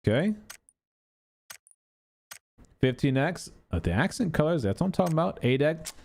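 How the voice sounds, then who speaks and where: A man giving casual commentary on game cosmetics, with an animated, exasperated, swearing manner. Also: fairly high pitch, moderate pace, vocal fry, a little hiss or hum. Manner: animated, exasperated ranting with profanity. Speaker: gaming content creator.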